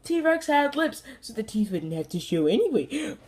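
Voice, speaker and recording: A woman with a fairly high voice reviews a toy in a loose, chatty way. She rambles and jokes with her viewers, and now and then she talks straight to the toy itself. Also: big pitch swings, normal speed, hardly any pauses, a little mellow. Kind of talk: casual review talk to camera.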